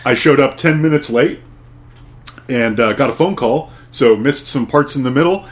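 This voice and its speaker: A man's voice: medium pitch, moderate pace. A man co-hosting a casual podcast, with dry humor and a hesitant, filler-heavy delivery. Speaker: podcast co-host.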